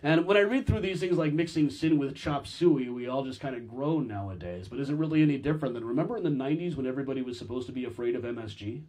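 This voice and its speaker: A man giving a public history lecture, telling stories in an animated, wry and chatty way. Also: mid-range voice, fast talker, few pauses, a little hiss or hum.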